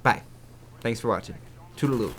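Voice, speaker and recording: Young man, gaming vlogger, rambling chat, mid pitch, faint background noise. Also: moderate pace. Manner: rambling, restarts a lot, swears casually. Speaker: gaming YouTuber. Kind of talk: rambling gameplay commentary.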